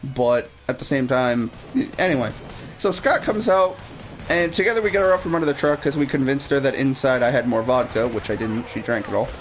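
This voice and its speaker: A man's voice: medium pitch, fairly quick, soft background music, poor audio. A man streaming a game who tells a long, rambling story with plenty of swearing and restarted sentences. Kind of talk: casual storytelling while gaming.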